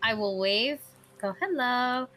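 High-voiced playful woman player. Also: slow, pushed and bright, slight background noise. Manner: casual, playful in-character chat. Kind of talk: playing a tabletop game.

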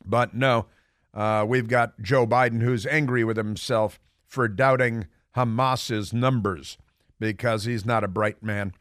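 A man's voice: medium pitch, steady tone, measured pace, fairly bright tone, dry recording. Male radio host for a political monologue: sarcastic, combative, meandering, close and dry in the studio. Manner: combative, sarcastic, rambling with many fillers. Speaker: radio talk show host.

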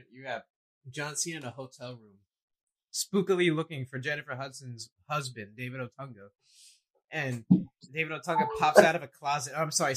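A man's voice: mid-range voice, a bit bright, poor audio. Opinionated man in wrestling chat. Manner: opinionated, dismissive, rambling. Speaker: podcast co-host. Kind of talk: casual wrestling discussion.

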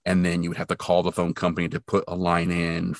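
A man's voice: deep voice, fast, no echo, clean studio sound. A man co-hosting a casual podcast, retelling an episode with lots of fillers. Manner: animated retelling, many fillers, briefly acts out quoted characters. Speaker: podcast co-host. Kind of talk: casual episode recap chat.

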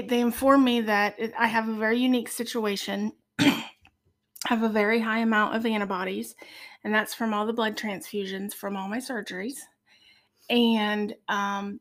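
A middle-aged woman telling an emotional personal story in a conversation, earnest and halting with many fillers. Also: medium pitch. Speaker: podcast guest.

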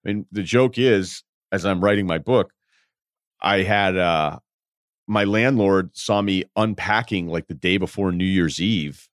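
Brief: young male podcast host, low voice, dry close sound, blunt and rambling with casual swearing. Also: measured pace, dry recording. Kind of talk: casual advice talk.

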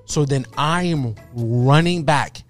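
A man in his thirties, co-hosting a podcast, telling a story in a casual, animated way and acting out what people said. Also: medium pitch, slow, soft background music. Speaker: podcast co-host.

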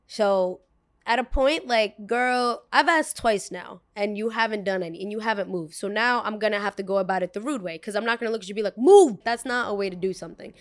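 A woman's voice: medium pitch, a little fast, fairly bright tone. A young woman hosting a podcast, telling a story in a casual, chatty way, full of "like" and acted-out voices of the people involved. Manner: chatty, peppered with "like", acts out quoted voices. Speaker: podcast host.

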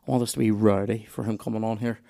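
A man's voice: lowish voice, level tone, fast, gravelly, warm tone. Rambling Northern Irish man, chatty storyteller. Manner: rambling storyteller with many restarts and swearing. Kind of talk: casual chat.

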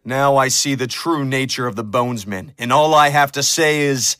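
A man's voice: medium pitch, moderate pace, fairly bright tone, smooth, no room sound, studio quality. Brash cartoon space hero, voiced by a man. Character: cocky male space hero Jay. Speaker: cartoon voice actor. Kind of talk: comedic cartoon voice acting.

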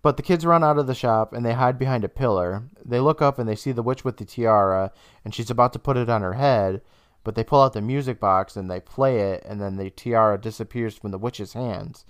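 Smooth-voiced man recapping a show. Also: no room sound, studio quality. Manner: retelling a plot with laughs and quick bursts of high mock voices. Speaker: podcast co-host. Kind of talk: casual recap chat.

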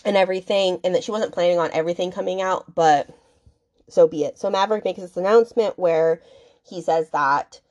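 A woman hosting a book podcast recaps the story casually and chattily, full of fillers, swearing, and indignant asides. Her voice is fairly low and darkish, and she speaks briskly.

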